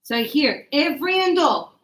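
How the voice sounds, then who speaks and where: Her high-pitched voice is animated and a bit bright as she moves at a moderate pace through an English grammar lesson. She patiently explains with examples and encourages the class, and the room sounds echoey.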